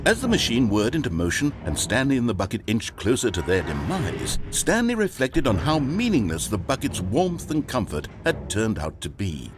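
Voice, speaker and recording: A wry omniscient game narrator. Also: male voice, medium pitch, wildly swooping pitch, noisy background. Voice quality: measured, dryly ironic, mock-grave. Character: wry, omniscient male narrator, mock-solemn.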